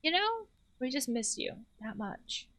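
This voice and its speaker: A woman narrates a video game as she plays it, reading each character's lines aloud. Her voice sits a little high and sounds bright and clear. Her pitch rises and falls a great deal from line to line. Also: big pitch swings, unhurried. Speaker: let's play host.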